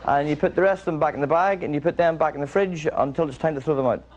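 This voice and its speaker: On a television studio stage before a live audience, a stand-up comedian with a slightly high voice does dry, rambling observational comedy, acting out small everyday scenes at a quick pace. The broadcast audio is noisy and muffled, with loud audience laughter.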